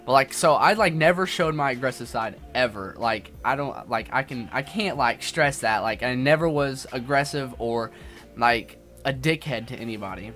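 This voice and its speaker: A YouTuber in his twenties, with a medium-pitched, fairly bright voice and moderate pace, tells a rambling personal story in a casual vlog with faint music behind. He often restarts sentences and swears now and then.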